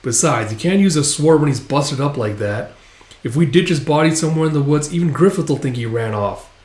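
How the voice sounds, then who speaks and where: A man's voice: a little high, lively intonation, brisk, close to an everyday voice. A man voicing a brash, sneering male mercenary who talks scornful and pushy. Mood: scheming. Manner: scornful, scheming, loud. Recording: roomy echo.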